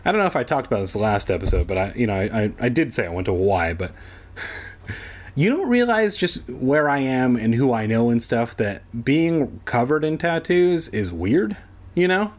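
As a comedy bit, a podcast host reads a children's book aloud in a sing-song, medium-pitched voice at a moderate pace. He puts on character voices and breaks off into rambling asides that are sarcastic and full of swearing.

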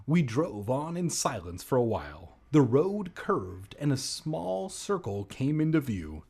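A man's voice: mid-range voice, sing-song, a little slow, creaky, a little mellow, husky. A man reading a children's book aloud, breaking in with jokey asides. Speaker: reader.

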